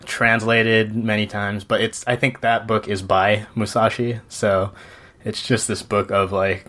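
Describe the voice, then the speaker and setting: Low-voiced young man chatting. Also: level tone, unhurried, a bit bright. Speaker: podcast co-host. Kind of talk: casual chat.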